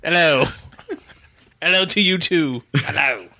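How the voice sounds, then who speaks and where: A man's voice: on the high side, slow, pushed and bright, exaggerated voice. A man putting on a British accent as a cheery character named Neil, greeting in a sing-song way. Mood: giggly.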